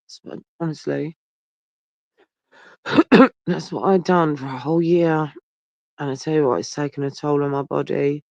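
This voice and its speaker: A man's voice: fairly high pitch, fairly even intonation, measured pace, gravelly, long pauses, a little mellow, dry recording. Brief: weary bloke rambling at viewers, phone right up to his face, dull dry sound. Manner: rambling, sweary, talks straight to viewers. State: tired and yawning. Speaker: livestreamer. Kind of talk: casual live chat with viewers. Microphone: phone held very close.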